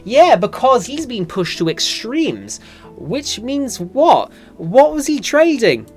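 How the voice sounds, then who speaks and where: A woman's voice: fairly high pitch, very animated, faint music behind. A woman gaming YouTuber reading a horror text adventure aloud and chatting about her choices. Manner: chatty, quick reactions, reads game text in a hushed tone.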